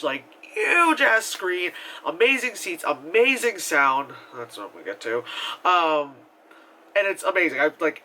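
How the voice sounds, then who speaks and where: Brief: young male reviewer, slightly high bright voice, rambling, cursing, excitable. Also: slight background noise, low-quality recording. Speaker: movie reviewer.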